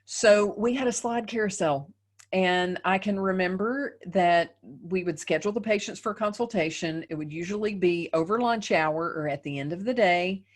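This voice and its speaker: A woman's voice: medium pitch, moderate pace. A middle-aged woman giving a live webinar lecture as a dental practice trainer, speaking conversationally and often tagging sentences with "right?".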